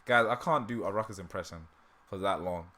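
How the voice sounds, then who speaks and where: A man chatting on a livestream with a sore throat, his voice bright and forceful. He rambles and laughs a lot, cutting his own sentences short and starting over. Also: low voice, a little fast. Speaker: livestream host. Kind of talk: casual livestream chat.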